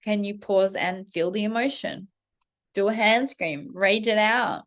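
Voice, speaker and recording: Woman, thirties, gravelly vocal fry, candid, swears a lot, casual storytelling. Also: mid-range voice, unhurried. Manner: candid, heavy swearing, animated self-talk. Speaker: self-development coach. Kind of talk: casual spoken storytelling to followers.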